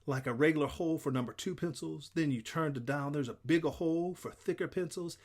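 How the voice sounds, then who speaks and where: A man's voice: a little high, a little fast, a little mellow. Man reading a story aloud. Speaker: audiobook reader. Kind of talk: first-person story narration.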